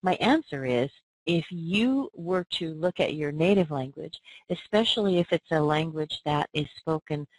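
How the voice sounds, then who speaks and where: A woman's voice: low-pitched, animated, no echo, poor audio. Patient woman modeling pronunciation. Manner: patient, slowly models sounds and words aloud. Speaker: pronunciation coach. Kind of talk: pronunciation lesson answering listener questions.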